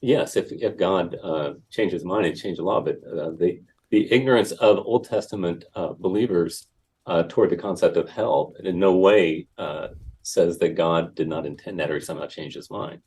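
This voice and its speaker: A man's voice: low voice, normal speed, a little mellow, slightly rough. A middle-aged man defending his faith in a debate, firm and assertive with frequent hesitations. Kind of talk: debate closing remarks.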